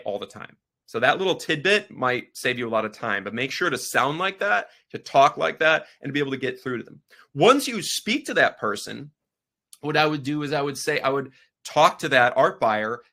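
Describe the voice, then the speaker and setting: A man with a bright, forceful voice gives a loose, energetic workshop talk. He rambles and restarts, slipping into quick acted-out phone calls to make his points. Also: mid-range voice. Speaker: photography workshop instructor.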